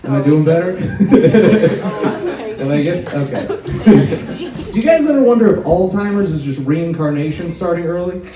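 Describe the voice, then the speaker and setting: A man's voice: a little high, lively intonation, measured pace, a crowd in the background. A young man doing a self-deprecating stand-up set, bantering awkwardly with a college audience. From United States. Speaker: stand-up comedian. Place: college auditorium before a live audience. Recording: far, echoey hall with loud noise.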